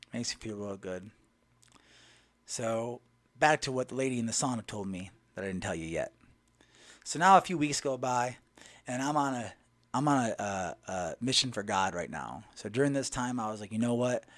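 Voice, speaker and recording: A man's voice: medium pitch, fairly bright tone, no room sound. A man telling a personal story in a blunt, emphatic and emotional way. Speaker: vlogger.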